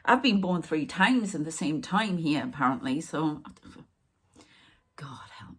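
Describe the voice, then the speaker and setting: Woman medium, middle-aged, breathy and lowish, meanders, slips into whispers. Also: lively intonation, unhurried. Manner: meandering, drifts into hushed whispered asides. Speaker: psychic medium. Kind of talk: rambling spiritual channelling monologue.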